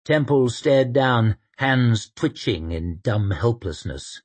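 A man narrating an action story in a steady, dramatic storytelling manner. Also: mid-range voice, slow. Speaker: audiobook narrator. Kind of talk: scripted narration.

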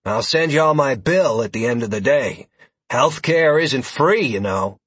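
A man voicing a laid-back, deadpan male priest healer with a folksy drawl. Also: mid-range voice, unhurried, husky, no echo, pitched above the performer's own voice.

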